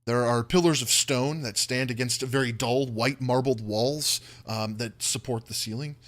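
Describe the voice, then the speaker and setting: A man narrates a tabletop fantasy game as its dungeon master, painting each scene in vivid detail. He pauses often on "uh" and "um" as he builds the picture, with a voice of ordinary middle pitch. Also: steady tone, fairly bright tone. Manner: vivid descriptive narration with frequent fillers.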